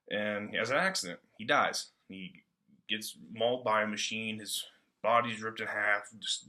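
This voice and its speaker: A man's voice: on the low side, bright, forceful tone. A man giving a casual book-report talk in a loose, slangy way, full of fillers. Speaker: student presenter.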